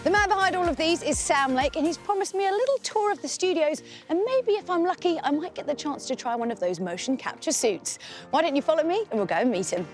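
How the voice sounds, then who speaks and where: A woman's voice: high-pitched, expressive, fast, faint music behind. A woman TV presenter speaking on location, playful and bubbly, with a self-mocking touch.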